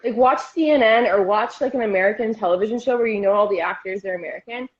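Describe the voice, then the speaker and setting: A woman's voice: mid-range voice, fast talker. A woman co-hosting a casual podcast chat, giggly and self-deprecating. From Canada. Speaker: podcast co-host. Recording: dull lo-fi audio.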